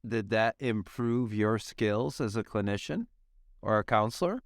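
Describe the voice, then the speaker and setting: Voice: medium pitch, a little slow, dry recording, studio quality. A podcast host who gives short affirmations and asks careful, probing questions. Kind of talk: interview questions.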